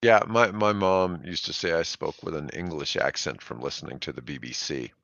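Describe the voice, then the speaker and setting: A man born in Germany hosting a casual chat show, loose and chatty and quick to laugh. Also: very deep voice, gravelly, a bit bright, no room sound, lo-fi sound. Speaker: show host.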